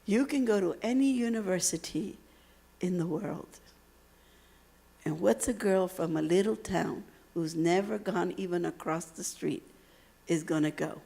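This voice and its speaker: A man's voice: high voice, unhurried, gravelly, dark tone, full character voice. Wry school counselor man, as a woman quotes him. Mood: encouraging. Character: kindly older male school counselor.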